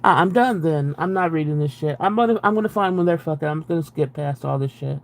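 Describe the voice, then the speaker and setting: A man's voice: on the high side, fast talker, gravelly. Profane, exasperated man reading aloud. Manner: profane, exasperated, sarcastic asides between read passages. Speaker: streamer reading a book aloud. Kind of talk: live-stream book reading with running commentary.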